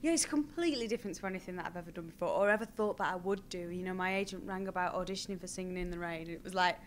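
An actress chatting as a guest in an interview, animated and laughing often. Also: female voice, on the low side, very fast, slight background noise. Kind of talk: casual chat.

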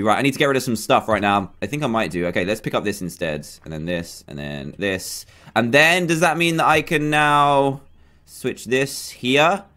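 A man giving excitable let's-play commentary, yelping and shrieking when threatened. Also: mid-range voice. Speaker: gaming YouTuber.

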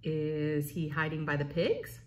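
Slow, sing-song storytime woman. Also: sits low, expressive, a little hiss or hum. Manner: sing-song, slow, playful, asks little listeners questions. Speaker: children's librarian. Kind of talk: storytime for babies and toddlers.

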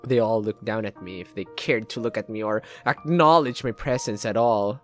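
A man's voice: on the low side, moderate pace, a bit bright, faint music behind. A man from the Philippines reads a game's narration aloud as a let's play gamer, dramatic, with his own asides in between. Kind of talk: reading game narration aloud with commentary.

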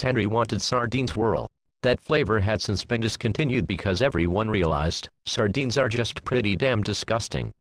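A man narrating a comedic parody storybook in the first person, in a deadpan way full of crude jokes. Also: medium pitch, no echo.

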